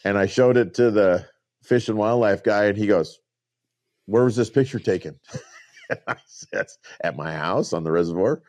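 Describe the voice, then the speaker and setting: A man's voice: fairly low pitch, moderate pace, a little mellow. A man co-hosting a podcast, chatting casually and telling rambling stories, quoting the people he met, with small chuckles. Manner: rambling storyteller, quotes others, chuckles. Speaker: podcast co-host, rancher.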